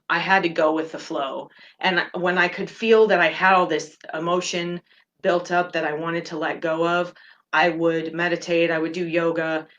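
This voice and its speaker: Low-voiced woman hosting a reflective talk. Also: a bit bright, muffled recording. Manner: earnest and open, speaks in halting phrases with fillers. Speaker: meditation podcast host.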